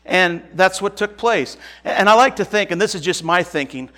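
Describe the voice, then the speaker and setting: A man's voice: sits high, animated, moderate pace, pushed and bright. A man from Nebraska giving an informal sermon, retelling a Bible story in a casual, folksy way with frequent restarts. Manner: casual and folksy, chuckles and self-corrects often. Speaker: preacher.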